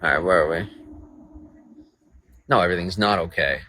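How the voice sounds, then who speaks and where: A man's voice: low voice, normal speed, sharp tone, no echo, low-quality recording. A man live-streaming outdoors at night in the rain, ranting in a profane and sarcastic way to his chat. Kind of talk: late-night livestream rant.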